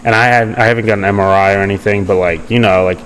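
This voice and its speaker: A man's voice: lowish voice, steady tone, very fast, fairly bright tone, a little hiss or hum, poor audio. A young man telling his story in a casual interview, rambling with many fillers and restarts. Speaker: podcast guest.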